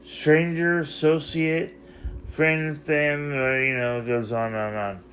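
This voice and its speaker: A man's voice: on the high side, flat delivery, slow, a bit bright, slight background noise. A man in an unscripted vlog monologue, rambling and emotional as he confronts someone who is not there, circling back to the same phrases again and again.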